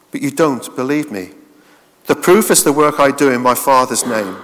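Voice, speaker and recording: Man, sermon, mid-pitched voice, long hall reverb, church. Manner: steady expository preaching with small restarts. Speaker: preacher.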